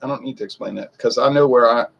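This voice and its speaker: A man's voice: medium pitch, fast, creaky, a bit bright, dull audio. A man in his forties who reviews whiskey, rambling and a bit defensive as he talks straight to his viewers. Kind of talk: casual talk to camera.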